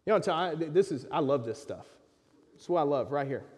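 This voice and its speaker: A man preaching a sermon to his congregation in a church sanctuary, impassioned, swinging between loud urging and hushed pleading. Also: on the high side, lively intonation, brisk, big-room sound. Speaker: pastor.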